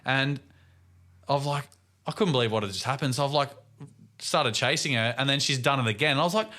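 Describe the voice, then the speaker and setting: An Australian man in his thirties co-hosts a podcast, chatting casually, cracking dry, wry jokes and asides, and sharing stories about his children. His medium-pitched voice is a little fast with a sharp tone.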